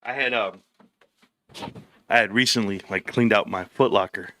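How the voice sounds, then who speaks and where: A man's voice: on the low side, moderate pace, a little hiss or hum. A middle-aged man hosting a casual livestream chat, telling stories bluntly with slang. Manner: blunt, animated storytelling with slang. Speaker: livestream host.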